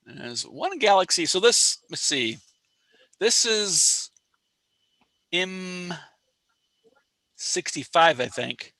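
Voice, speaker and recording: A man's voice: sits high, very animated, very slow, pauses often, pushed and bright, no room sound. A man hosting an online astronomy viewing session, chatting casually and rambling with a self-deprecating sense of humor. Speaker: astronomy outreach host. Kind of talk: casual livestream chat. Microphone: online call mic.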